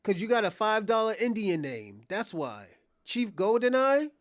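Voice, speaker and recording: Sitting high with big pitch swings, this livestream host's voice moves at a moderate pace in studio-quality audio with no echo. He is mocking and provocative toward his chat, swearing, repeating himself and restarting phrases.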